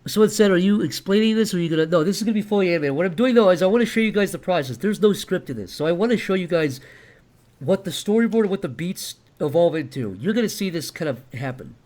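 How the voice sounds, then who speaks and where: A man's voice: high-pitched, animated, fast, darkish tone. A young man live-streaming at his computer, rambling casually as he thinks aloud, full of fillers and restarts.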